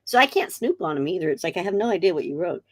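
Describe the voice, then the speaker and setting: A middle-aged woman, a guest in a casual interview, telling a story chattily with animated quotes. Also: lowish voice, rapid-fire. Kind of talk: casual video-call interview.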